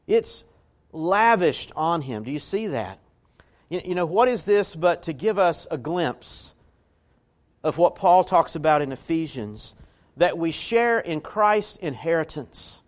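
A man preaching a sermon as pastor, in a folksy, conversational way that climbs to emphatic peaks. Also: a little high.

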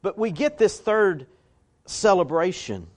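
Folksy preacher, slightly high voice. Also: male voice, expressive, measured pace, a little mellow. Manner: folksy, conversational preaching with rising emphatic peaks. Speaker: pastor. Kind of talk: sermon.

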